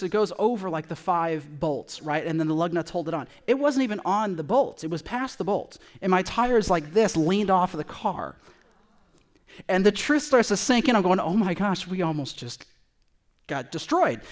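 A middle-aged man, a pastor from California, telling a personal story in a conversational, animated sermon. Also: high-pitched.

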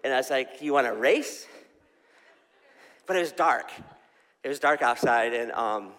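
A pastor gives a casual, story-driven sermon in a church hall, often posing questions to the crowd. His medium-pitched voice is expressive, unhurried and fairly bright, with long hall reverb around it.

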